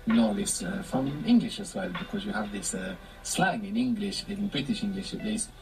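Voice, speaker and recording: A man's voice: medium pitch, very animated, moderate pace, gravelly, over music, rough recording. A man teaching a language lesson, patiently explaining step by step and prompting his student with questions.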